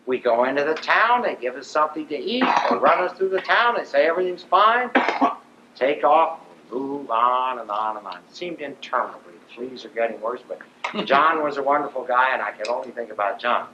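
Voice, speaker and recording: An older man from Ohio, a veteran, telling his wartime story in a vivid, animated storytelling manner. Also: medium pitch, moderate pace, slight background noise. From Ohio, USA. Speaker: veteran speaker. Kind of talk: storytelling talk. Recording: roomy dull lo-fi recording.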